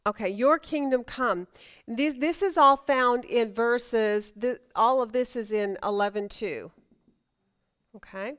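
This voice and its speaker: A woman's voice: a little high, slow pace, a bit bright, smooth. A middle-aged woman leading a Bible study lesson, talking conversationally, asking the class questions and often restarting her sentences.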